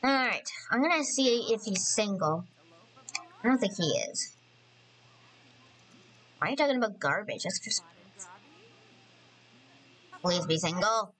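A woman narrates her game session in loose, excitable commentary, her pitch bouncing all over. Her tone is bright and forward. A faint hiss of noise sits under the desktop microphone. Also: a little slow, pauses often, poor audio. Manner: chatty, excitable, apologetic, thinks aloud while playing. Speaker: gaming channel host. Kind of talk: casual let's-play commentary.

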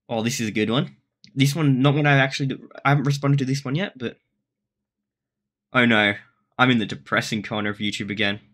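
A man's voice: medium pitch, fairly bright tone. An Australian man vlogging casually in a rambling, self-deprecating way, often restarting his sentences. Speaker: YouTuber. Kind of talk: casual vlog commentary.

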